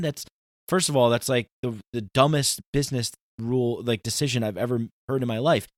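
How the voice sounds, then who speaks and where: A man hosting his own podcast, talking through a solo intro in an animated, ranting, conversational way. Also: mid-range voice, brisk, no echo, studio quality. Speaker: podcast host.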